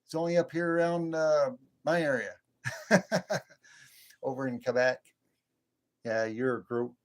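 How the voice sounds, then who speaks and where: A man's voice: medium pitch, slow pace. A man hosting a live stream, chatting in a rambling, folksy way and thanking viewers by name. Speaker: livestream host. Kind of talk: casual live-stream chat.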